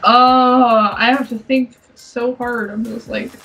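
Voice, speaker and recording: High-pitched young woman gushing on a podcast, lots of giggling, mic kinda far off. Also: level tone, slow, gravelly, fairly bright tone, lo-fi sound. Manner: giggly, gushing, acts out her past self in high squeals. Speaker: podcast co-host. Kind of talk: casual chat. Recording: distant mic, faint music.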